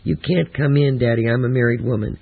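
Quavering teen bride, read by a man, husky and gravelly. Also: medium pitch, fairly quick, narrow, tinny audio. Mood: pleading. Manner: quavering, pleading. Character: frightened teenage girl, new bride.

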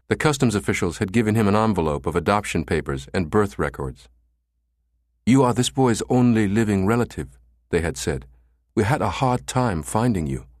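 Male audiobook narrator, very low voice, measured delivery, dry close studio sound. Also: dry recording. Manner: measured, even storytelling.

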